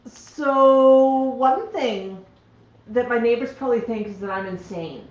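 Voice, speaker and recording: A woman with a voice on the high side, expressive and unhurried, hosts a laid-back livestream at home. She croons baby talk to her parrots before talking plainly to viewers, captured in a dull, roomy recording.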